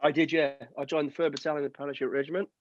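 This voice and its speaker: An ex-soldier appears as a guest on a storytelling video-call interview, talking through earbuds very fast in a fairly high, level voice. He acts out voices in his army anecdotes and swears casually, and the dull, dry call audio has a little hiss or hum.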